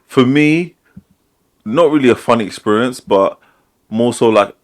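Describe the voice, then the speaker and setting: A man's voice: mid-range voice, unhurried. A man co-hosting a casual podcast, rambling and restarting his thoughts often. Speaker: podcast co-host. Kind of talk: casual chat.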